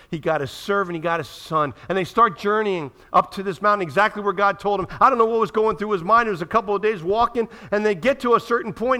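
A male pastor preaching a sermon, retelling scripture dramatically, swinging between loud bursts and hushed asides. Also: high-pitched.

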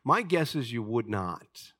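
A man preaching a sermon, swinging from loud, high outbursts to hushed, low passages and acting out the voices of people in his stories. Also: big pitch swings, slow. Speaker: pastor.

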